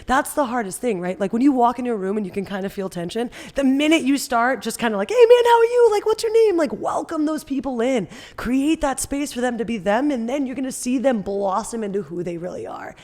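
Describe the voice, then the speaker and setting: A woman's voice: fairly quick, few pauses. A young woman from Northern California, a podcast guest, talking casually and acting out quotes with big leaps in her voice. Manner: animated storyteller, acts out quotes with big jumps up in pitch. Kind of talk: casual interview chat.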